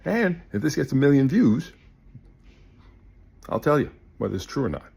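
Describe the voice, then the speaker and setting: A man telling a comic story to the camera, swinging between loud bursts and hushed asides. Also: mid-range voice, sing-song, moderate pace, vocal fry, slightly rough.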